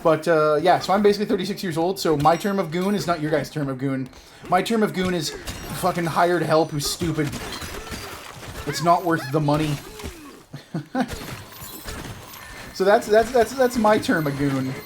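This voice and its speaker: A man's voice: fairly high pitch, moderate pace, pauses often. A man in his thirties from Canada, rambling and self-mocking as he tells a story while commentating a video game. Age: 30s. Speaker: gaming video host. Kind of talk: casual gameplay commentary with storytelling.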